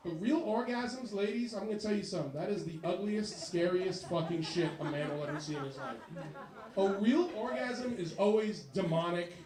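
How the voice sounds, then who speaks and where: A man doing a stand-up comedy set in a bar, telling crude stories and acting out loud voices. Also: high voice, animated, moderate pace, roomy sound, a crowd in the background. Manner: crude, rambling storytelling with loud acted-out voices. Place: bar stage before a live audience.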